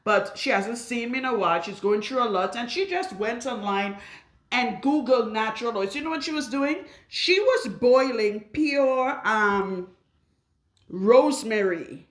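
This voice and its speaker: Speaking to camera mid-appointment, a woman loctician uses a higher voice with lively intonation, taking her time yet staying blunt, emphatic, and fond of rhetorical questions. She's in her salon room by a radiator, and the sound echoes.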